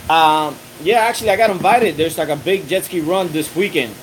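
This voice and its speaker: A man's voice: fairly high pitch, normal speed, a little hiss or hum, low-quality recording. A man casually hosting a live stream, chatting loosely and greeting viewers, with frequent restarts and fillers. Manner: rambling, loose and friendly, full of restarts and fillers. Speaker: livestream host answering viewer chat. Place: outdoors on a windy day.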